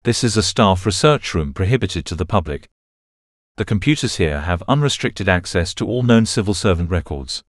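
A male narrator voicing a brisk archive staffer who gives clear, instructive directions. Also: low voice, animated, no echo, clean studio sound.

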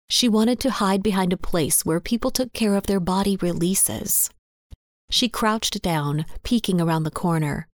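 A woman narrating a western story in a steady, even reading voice. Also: lowish voice, dry recording, clean studio sound. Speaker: audiobook narrator.

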